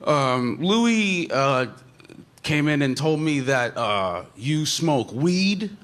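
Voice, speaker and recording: A man imitating an awkward, hesitant older male boss who keeps pausing as he talks. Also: a little high, big pitch swings, a bit bright, full character voice. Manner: halting, full of uhs and pauses.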